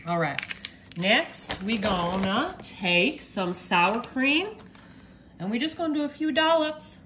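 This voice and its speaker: High-voiced chatty woman cook. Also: expressive, slow, fairly bright tone, slight background noise. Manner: chatty, upbeat, addresses viewers as y'all. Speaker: home cook host. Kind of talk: casual cooking demo.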